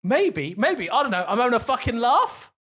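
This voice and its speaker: A man's voice: very high-pitched, very animated, a bit bright, slight background noise. A man co-hosting a comedy podcast, pushing back playfully and defending himself in casual banter. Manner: argumentative, quick to push back, playful.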